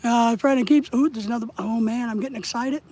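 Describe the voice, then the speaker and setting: A man with a husky voice chatting casually with his viewers on a live stream while he fishes outdoors. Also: very high-pitched, quick pace, a little mellow. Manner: rambling, chatty, addresses viewers in chat. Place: outdoors, fishing.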